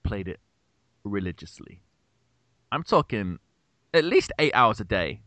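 Lively low-voiced man telling stories. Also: unhurried, dry recording. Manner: animated, swearing, laughing storyteller. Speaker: podcast co-host. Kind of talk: casual storytelling chat.

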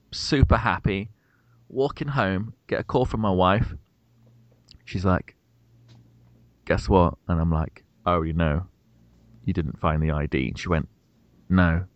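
A young man co-hosting a podcast, telling an animated, swearing story in casual chat. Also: low voice, moderate pace, no room sound, highs cut off. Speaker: podcast co-host.

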